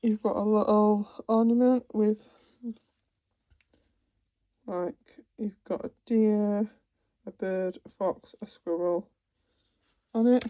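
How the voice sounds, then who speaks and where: A woman's voice: mid-range voice, steady tone, takes it slowly, long pauses, no echo, phone-quality sound. A woman vlogging at home, chatting casually as she unpacks a cross-stitch kit, with trailing asides. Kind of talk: casual chat while unboxing. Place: home, seated in a computer chair.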